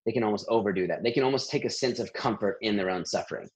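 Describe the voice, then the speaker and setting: A man working as a therapist, talking in a lively conversational interview and laughing often between thoughts. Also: on the low side, very fast, breathy edge, low-quality recording.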